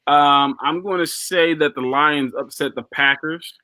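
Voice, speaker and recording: A man's voice: fairly high pitch, unhurried, pushed and bright, no room sound. A man co-hosting a casual sports podcast, talking in a loose, slangy way and repeating himself as he argues. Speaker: podcast co-host.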